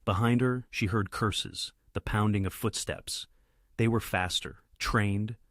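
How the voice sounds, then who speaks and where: A man reading a dramatic story aloud in a steady narration. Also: on the low side, slow pace, no room sound, studio quality.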